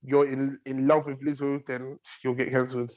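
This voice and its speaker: A man's voice: medium pitch, little pitch movement, moderate pace, darkish tone, lo-fi sound. A man hosting a casual podcast chat, steering the talk along. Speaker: podcast host.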